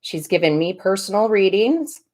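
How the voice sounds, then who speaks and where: A woman's voice: medium pitch, lively intonation, normal speed, a little mellow. A middle-aged woman chatting casually on a live stream, greeting viewers by name and laughing often. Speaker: tarot reader and medium hosting a live stream.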